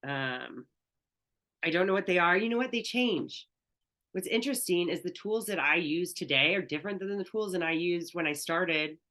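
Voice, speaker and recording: A woman with a bright, forward voice leads a spiritual coaching class. She talks in an open, earnest, conversational way and is candid with her listeners. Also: deep voice.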